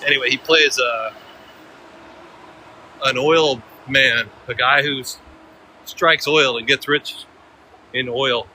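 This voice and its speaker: A man from Central California talks loosely on a walking livestream, rambling from one thought to the next and chuckling at his own jokes. His voice is bright and clear, with a little faint street noise behind him outdoors. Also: medium pitch, steady tone, slow, long pauses, low-quality recording. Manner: joking, rambling, chuckling often. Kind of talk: casual walking livestream chat.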